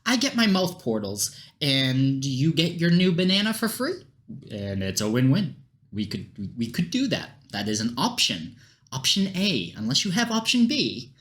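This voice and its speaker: A man's voice: medium pitch, moderate pace. Playful man improvising a story. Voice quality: playful, animated. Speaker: vtuber storyteller.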